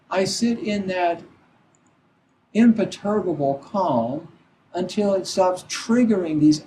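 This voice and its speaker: A middle-aged Zen teacher, a man with a fairly high but soft, mellow voice, gives a reflective dharma talk. He speaks haltingly, filling gaps with "you know" and restarting his sentences. Faint ambient noise sits behind him. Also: rough recording.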